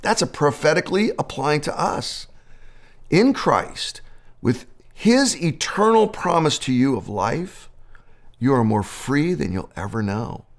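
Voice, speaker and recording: A man with an American accent preaching a sermon as a pastor, talking in an animated way with dramatic swings in his voice. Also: a little high, measured pace.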